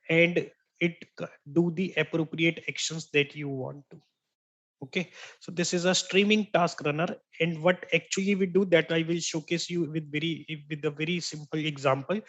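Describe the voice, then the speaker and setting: A man teaching an online software training class, explaining step by step, repeating key terms and checking in with "right?" after each point. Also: on the high side. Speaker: software instructor. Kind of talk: online tech training lecture.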